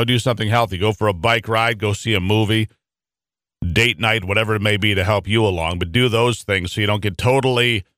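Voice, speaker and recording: A man's voice: medium pitch, sharp tone, no room sound, clean studio sound. A middle-aged man from Michigan hosting a talk radio show, chatting in a rambling, conversational way full of fillers.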